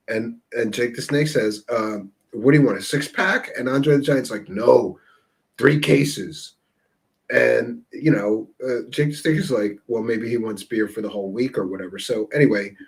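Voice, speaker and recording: A man hosting a live stream, chatting casually with viewers and telling rambling stories through laughter. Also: medium pitch. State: tipsy. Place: Seattle area.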